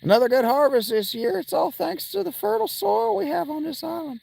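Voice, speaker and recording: A squeaky, slow-talking Appalachian villager for a game character, folksy and drawn out. The voice sits far above a normal speaking voice and swoops with a lively lilt. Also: male voice, vocal fry, heavily acted. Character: high-voiced drawling island villager.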